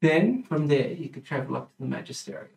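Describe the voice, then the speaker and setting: A man narrating as the dungeon master in a tabletop game, chatty and hesitant, with quick asides. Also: mid-range voice, vocal fry, a little mellow. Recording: roomy room, distant mic, music underneath.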